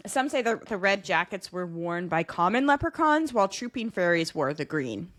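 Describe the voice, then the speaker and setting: A woman's voice: medium pitch, sing-song, moderate pace, a bit bright. A woman from New York co-hosting a podcast, bantering and reading folklore notes aloud with laughs. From New York, USA. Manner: laughing, bantering, tries put-on accents. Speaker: podcast co-host.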